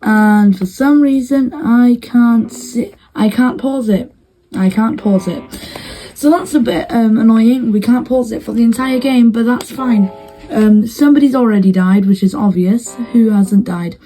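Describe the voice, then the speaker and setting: Mellow-voiced woman rambling over a game. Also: fairly high pitch, a little slow, soft background music, rough recording. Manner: rambling and hesitant, many fillers and restarts. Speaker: video host commentating a map simulation. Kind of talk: casual game commentary.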